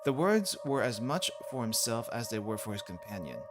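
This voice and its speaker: Male streamer narrating game text, mid-pitched voice, casual asides, game music behind. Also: very animated, moderate pace, few pauses. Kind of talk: reading a game aloud with commentary.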